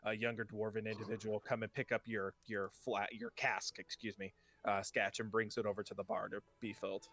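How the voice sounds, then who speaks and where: A man's voice: lowish voice, little pitch movement, fairly quick, fairly bright tone. A man narrating a tabletop game as game master, rambling with lots of fillers and restarts.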